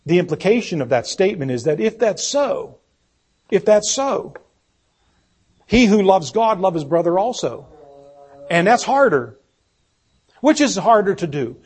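Husky male preacher. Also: high-pitched, sing-song, measured pace, long pauses, a little mellow. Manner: reads scripture aloud, repeats key words for emphasis. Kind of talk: sermon.

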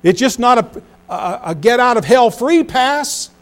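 Preaching a sermon, a middle-aged pastor uses a fairly high, expressive voice. He shifts between loud, emphatic phrases and low, hushed ones, speeding up and slowing down to drive each point home.

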